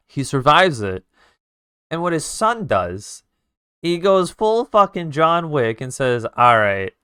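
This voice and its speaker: Male streamer, casual and profane storyteller, smooth voice, dry close mic. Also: mid-range voice, no echo. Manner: animated, profane retelling with sound effects.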